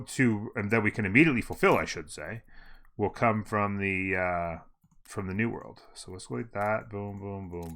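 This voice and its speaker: A man hosts a gameplay video, talking casually at his desk microphone as he plays. His voice sits low yet sounds bright and sharp, and his pitch rises and falls widely. He thinks aloud with fillers and corrects himself mid-sentence.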